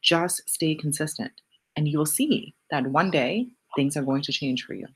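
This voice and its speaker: A woman's voice: moderate pace, breathy edge. A woman hosting a casual motivational live stream, answering viewer questions bluntly and swearing for emphasis. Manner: jumps up in pitch on punchy repeated lines.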